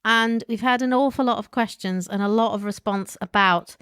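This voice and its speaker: Smooth-voiced woman podcast co-host. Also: mid-range voice, moderate pace, a bit bright, no echo, studio quality. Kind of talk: casual podcast chat.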